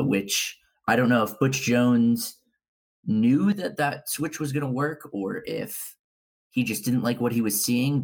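A man co-hosts a college football talk show and gives blunt, opinionated takes on the week's games. His voice is low and gravelly, with a husky grain. He speaks in a steady, analytical way. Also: low-quality recording.

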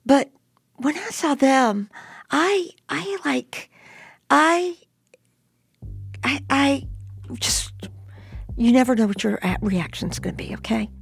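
Older woman guest, gravelly and slow, recounting her own story with gusto. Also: high voice, no echo, faint music behind. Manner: lively, animated retelling with voiced quotes. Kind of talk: telling a personal story in an interview.

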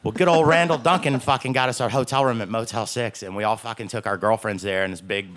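A man's voice: mid-range voice, quick pace, a bit bright. A young man from Alabama, telling a crude, profane story and laughing his way through it.

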